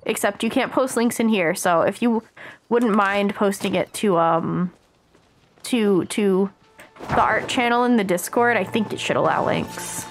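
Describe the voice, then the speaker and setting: An American woman streaming a game, chatting excitedly with her viewers as she plays. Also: mid-range voice, measured pace, slight background noise. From United States. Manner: chatty, excitable, talks to chat while playing. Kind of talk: casual live-stream chat while gaming.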